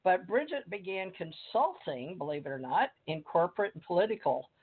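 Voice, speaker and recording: A woman's voice: fairly low pitch, animated, normal speed, slightly rough. Older woman host on a tinny phone line. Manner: chatty, rambling, reads a bio aloud. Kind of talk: casual call-in interview. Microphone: phone or computer call.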